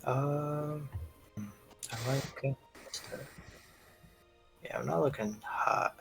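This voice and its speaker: A man's voice: mid-range voice, fairly even intonation, extremely slow, vocal fry, music in the background, rough recording. A man playing a tabletop game, talking loosely and chatting through his moves. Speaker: player. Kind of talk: casual tabletop game play.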